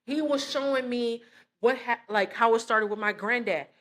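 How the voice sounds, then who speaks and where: A woman's voice: a little high, normal speed, fairly bright tone. A young woman giving a casual spoken faith testimony, full of fillers and acting out quoted dialogue as she tells the story. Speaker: testimony speaker.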